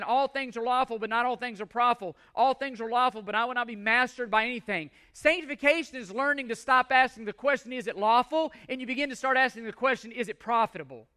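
High-pitched, bright-voiced male preacher. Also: fairly even intonation, fast, few pauses, smooth. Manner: emphatic preaching with repeated phrases and scripture readings. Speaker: pastor. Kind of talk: sermon.

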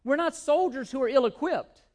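A man's voice: very high-pitched, lively intonation, normal speed, a little mellow. A man preaching a sermon as pastor, emphatic, often repeating words and asking rhetorical questions.

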